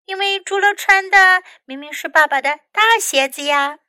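A woman English teacher reading a children's story aloud and then teaching words from it, slowly and carefully. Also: extremely high pitch, sharp tone, no echo.

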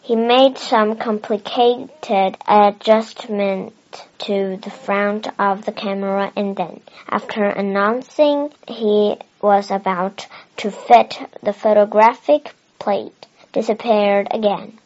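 A woman with a Chinese first language reading a children's novel aloud in a careful, expressive way. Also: medium pitch, slow. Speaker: storybook reader. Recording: dull lo-fi recording.

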